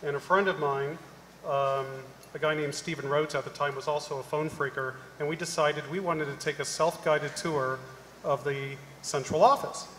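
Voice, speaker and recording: A man on a conference panel telling an animated anecdote with acted dialogue, recorded in a large hall. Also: a little high, normal speed. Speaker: panel guest. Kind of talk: live conference storytelling. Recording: echoey hall with long reverb, faint noise.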